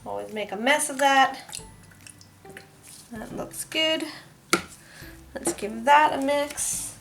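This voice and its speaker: A woman's voice: high-pitched, slow pace, creaky, noisy background. A woman soap maker chatting casually as she works, laughing now and then through her stories. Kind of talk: casual crafting vlog narration.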